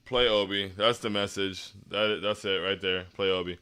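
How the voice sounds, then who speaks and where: A man hosts a postgame livestream and reads chat comments aloud. He sounds dejected and down, often stopping to restart a thought. His voice sits low yet comes across bright and clear. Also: steady tone, normal speed. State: down after a loss. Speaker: stream host.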